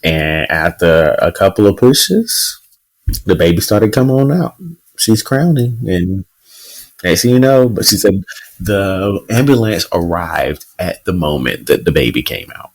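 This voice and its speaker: A man co-hosting a podcast, telling a news story in relaxed casual chat with plenty of fillers. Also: deep voice, unhurried, poor audio. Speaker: podcast co-host.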